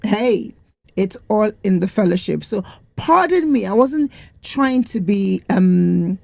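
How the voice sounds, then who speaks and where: Slow, gravelly-voiced woman. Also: medium pitch, lively intonation, mellow, no echo. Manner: slow, careful and hesitant. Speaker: co-host. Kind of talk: casual chat.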